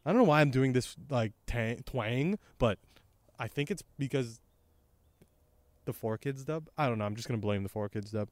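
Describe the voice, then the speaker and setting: A man's voice: mid-range voice, lively intonation, normal speed, a little mellow, no room sound. A man hosting a podcast, chatting casually through a comic chapter, rambling and trailing off on a close mic. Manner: rambling, reads dialogue aloud, trails off. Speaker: podcast host.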